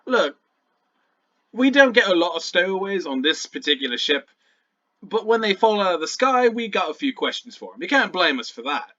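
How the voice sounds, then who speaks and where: A cocky, cheerful pirate cannoneer, as a man puts him on for a tabletop game. He talks in a bright, lifted voice and calls people lad and mate. The recording sounds dull and lo-fi. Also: high-pitched, big pitch swings, moderate pace, voice pushed up, heavily acted. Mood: teasing. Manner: jovial, says lad and mate.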